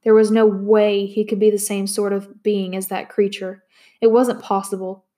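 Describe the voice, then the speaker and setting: Audiobook narrator, woman, mid-pitched, steady and expressive. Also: moderate pace.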